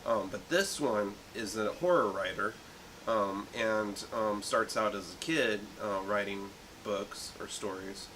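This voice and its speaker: Lower-voiced man musing over a movie. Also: measured pace, pushed and bright, slight background noise, low-quality recording. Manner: thoughtful, rambling, many ums and restarts. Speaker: movie review podcast co-host. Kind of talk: casual chat.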